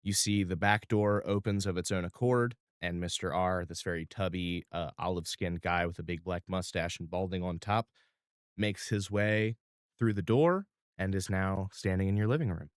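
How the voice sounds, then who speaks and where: A man's voice: deep voice, normal speed, clean tone, dry recording, studio quality. A man narrating as game master of a tabletop game, describing scenes casually with filler words.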